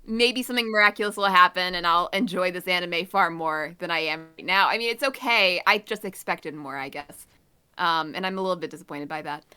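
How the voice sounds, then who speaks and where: A woman's voice: fairly low pitch, brisk, sharp tone, clean tone. A woman co-hosting a podcast in casual chat, ranting in an exasperated, blunt way. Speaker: podcast co-host.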